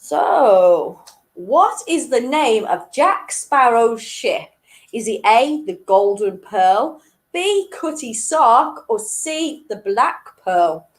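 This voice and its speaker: Laughing at her own jokes as she chats, the quiz host runs her weekly online game and repeats every question twice with slow, clear delivery. Her pitch is fairly high and her voice has a sing-song lilt.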